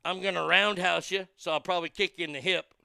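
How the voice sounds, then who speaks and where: A man's voice: high-pitched, fairly even intonation, quick pace, gravelly, bright, forceful tone, smooth, dry recording. A man hosting a show, ranting angrily with heavy swearing. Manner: profane, heated, swearing often. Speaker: host. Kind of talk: angry commentary rant.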